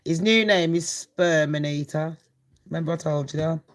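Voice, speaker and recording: Speaking at a normal speed with a low voice, a bold woman chats about celebrity gossip for her channel, breaking into laughter often and swearing without restraint in a relaxed, loose style.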